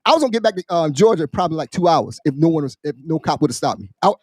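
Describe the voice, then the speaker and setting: A man, a military veteran, on a podcast, casually telling a story in an animated, profane way and acting out the people in it. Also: on the high side, racing, dry recording, studio quality. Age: adult, military veteran. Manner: animated, profane, acts out quoted voices. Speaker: podcast co-host.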